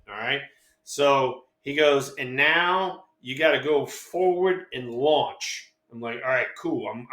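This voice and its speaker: A man in his sixties, co-host and former ballplayer, telling stories in casual chat, animated and profane, acting out quotes. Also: fairly high pitch, echoey room.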